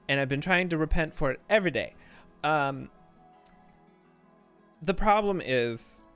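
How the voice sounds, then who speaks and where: A male streamer in a casual, animated rant, swearing freely and restarting his sentences as he talks. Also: medium pitch, clear, resonant tone.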